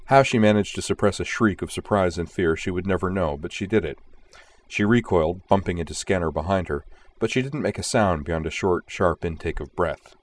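Deep-voiced man narrating a story. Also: fairly quick. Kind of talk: audiobook narration.

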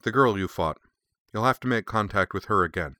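Audiobook: a man playing a stern, formal woman teacher, low but sharp. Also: fairly quick, no echo, studio quality.

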